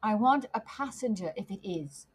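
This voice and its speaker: A woman voicing a hoarse male messenger rider. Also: mid-range voice, animated, moderate pace. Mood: guarded.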